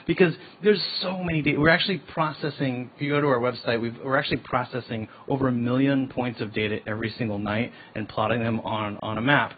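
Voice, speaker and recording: A man presenting his ocean tech company on a panel, casual and enthusiastic, often restarting words. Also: medium pitch. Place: event hall. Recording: tinny phone-like line with faint noise.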